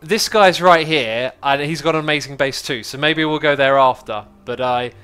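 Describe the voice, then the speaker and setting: A man's voice: a little high, normal speed, over loud music. A man hosting a casual gaming livestream, cheerful and jokey as he tours builds with a friend. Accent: British. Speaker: livestream host.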